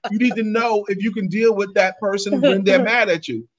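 A man's voice: sits high, steady tone, moderate pace, highs cut off, over a noisy crowd. A man co-hosting a podcast, talking conversationally and telling stories from his own life. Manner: conversational, storytelling. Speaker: co-host. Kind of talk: podcast talk.

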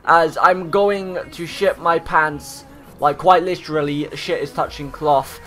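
Young Welsh man, rowdy and crude, talking over his online gameplay in a bright, forceful, fairly high voice, with faint game music playing behind him. He jokes, swears constantly, and shouts at his teammates. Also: fairly even intonation, a little slow. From Wales. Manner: loud, swearing, joking. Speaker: gaming YouTuber. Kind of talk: casual gameplay commentary.

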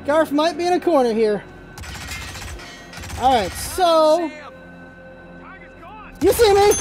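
A high-voiced gamer commentating their own play, with a pitch that swings wildly between calm asides and sudden yelps. They swear freely when things go wrong and fire off the same word over and over in bursts. Faint game music plays underneath. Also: takes it slowly, pauses often. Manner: excitable, yelps and repeats words in bursts. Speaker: let's play host. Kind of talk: excited gameplay commentary.

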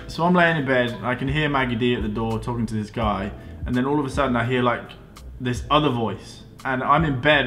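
A young man in his twenties, vlogging as he tells a story to camera and acts out both sides of the exchange, his voice jumping up in pitch when he retells his own outbursts. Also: a bit bright.

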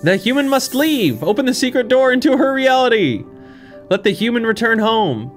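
A man's voice: very high-pitched, very animated, normal speed, faint music behind, pitched above the performer's own voice. A man doing a pompous grand wizard. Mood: solemn. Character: grand old male wizard, pompous and solemn.

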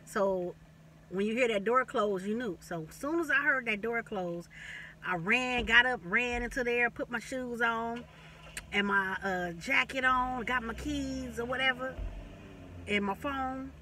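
Bright-voiced woman telling a story. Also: on the high side, unhurried, far from the mic, slight background noise. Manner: animated, repetitive, profane, laughing storyteller. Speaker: vlogger. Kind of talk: casual storytelling.

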